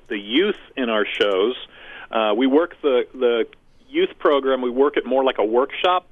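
A dry, tinny phone-like recording carries a middle-aged man's mid-range voice. As owner and co-founder of a community theater, he answers casual interview questions earnestly and methodically, leaning on long comparisons.

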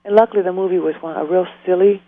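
A woman's voice: on the low side, steady tone, racing, a crowd in the background. A woman speaking as an author and interview guest, talking earnestly and from the heart. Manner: earnest, heartfelt, prone to tears and laughter. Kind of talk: emotional interview conversation. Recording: tinny phone line.

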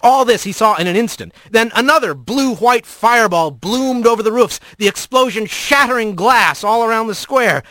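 A man's voice: very high voice, expressive, moderate pace, few pauses, pushed and bright, no echo. A man narrating a scripted storybook adventure with a vivid, varied reading.

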